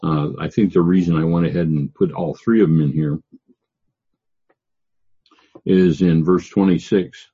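An older man teaching a Bible passage verse by verse, halting with frequent fillers and reading the scripture slowly. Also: sits low, steady tone, warm tone, breathy edge. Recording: dull lo-fi recording.

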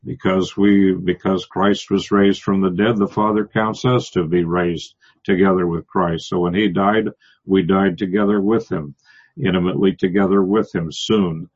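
A man teaching a Bible passage verse by verse, pausing often and restarting, explaining the Greek words. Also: low voice, fairly even intonation, darkish tone, husky, lo-fi sound. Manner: halting, many restarts and fillers, explains Greek word by word. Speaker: preacher.

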